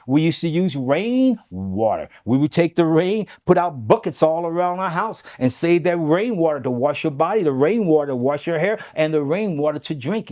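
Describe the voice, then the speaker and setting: A man talking casually about home health remedies, telling animated stories and often adding "okay?". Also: on the high side. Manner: animated storytelling, acts out his grandfather's voice; emphatic, keeps adding "okay?". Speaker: health talk guest.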